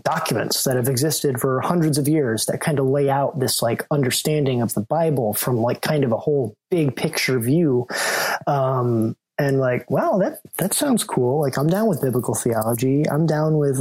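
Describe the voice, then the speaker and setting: A man's voice: medium pitch, darkish tone. Rambling man, casual podcast guest. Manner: rambling, loose, lots of "like" and "um"; self-mocking, jokey asides. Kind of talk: casual chat.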